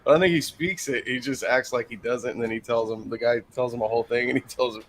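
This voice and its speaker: A man's voice: medium pitch, steady tone, fast, low-quality recording. Easygoing male co-host, casual joking delivery, faint hiss. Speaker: podcast co-host. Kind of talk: casual livestream chat.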